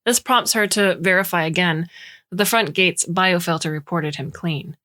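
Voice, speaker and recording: A woman narrating a science fiction story in measured, clear storytelling. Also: lowish voice, sharp tone. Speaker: audiobook narrator. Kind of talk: scripted narration.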